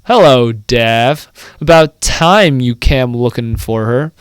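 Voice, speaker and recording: A man's voice: mid-range voice, slow pace, clear, resonant tone, dry recording. A young man co-hosting a comedy podcast, reading a badly written fan story aloud, stumbling over its misspellings and breaking into banter.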